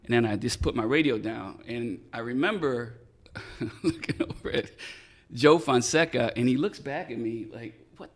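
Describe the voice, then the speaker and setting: A man's voice: medium pitch, normal speed. A middle-aged man, a retired detective, telling a story in a podcast interview. He is casual, swears freely and acts out the dialogue. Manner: animated storyteller who acts out quoted dialogue. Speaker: retired police detective, guest.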